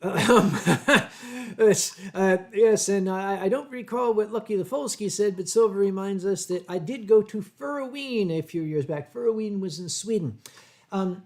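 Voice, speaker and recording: An older American man hosting a livestream, answering viewer chat in a rambling way with deadpan humor. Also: sits high, measured pace. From United States. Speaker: livestream host.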